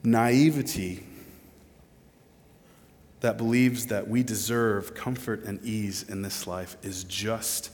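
A man's voice: fairly even intonation, slow pace, pauses often, slight background noise. Earnest male preacher in a reverberant hall. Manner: earnest preaching, swings from soft and low to loud and pleading. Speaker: pastor. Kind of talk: sermon. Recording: long reverb of a large hall.

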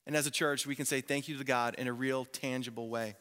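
Male pastor, 30s, bright and slightly high voice, animated sermon storytelling, long church-hall reverb. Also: quick pace. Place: church sanctuary.

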